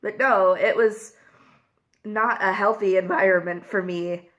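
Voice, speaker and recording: Young woman vlogger, slow and candid, emotional storytelling with lots of fillers. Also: medium pitch, fairly even intonation, a bit bright. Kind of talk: casual confessional vlog while eating.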